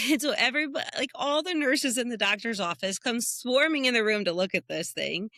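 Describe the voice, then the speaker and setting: A woman from the United States, co-hosting a podcast, telling animated stories in a casual chat and jumping up high when she quotes people. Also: a little fast, no echo, studio quality. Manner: animated storyteller who jumps high when quoting people. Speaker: podcast co-host.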